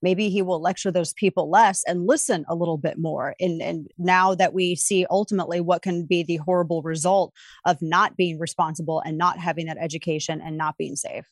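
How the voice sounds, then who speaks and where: A woman's voice: lowish voice, fairly even intonation, fairly quick, dry recording. A middle-aged woman, a radio host appearing as a guest, telling anecdotes and making her points emphatically. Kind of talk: animated storytelling in conversation.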